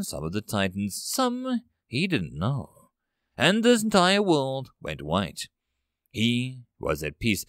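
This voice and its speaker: A male audiobook narrator tells a war story with strong drama. His pitch moves widely. The recording is dry, with no room sound. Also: fairly bright tone, no echo.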